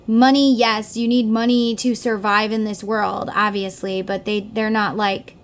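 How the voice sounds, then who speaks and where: In a mid-range voice with little pitch movement, this middle-aged woman reads tarot casually, a little slowly and with few pauses. She addresses the listener directly in an earnest, heartfelt way.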